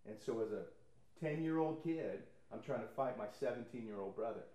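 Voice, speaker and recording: A man's voice: lowish voice, expressive, moderate pace, mellow. A man preaching a sermon, telling personal stories conversationally and acting out what other people said. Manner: conversational storytelling, acts out quoted people. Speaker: pastor. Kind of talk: sermon testimony. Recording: echoey room.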